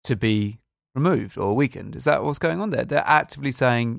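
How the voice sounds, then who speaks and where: A man's voice: mid-range voice, animated, moderate pace, creaky, no echo, studio quality. A man co-hosting a podcast in comic casual chat, playful, teasing and theatrical. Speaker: podcast co-host.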